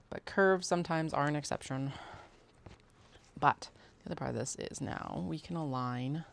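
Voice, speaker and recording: Low, gravelly-voiced chatty woman. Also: a bit bright. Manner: chatty, talks herself through steps, mutters and swears casually. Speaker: sewing livestream host. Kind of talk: casual chat while sewing.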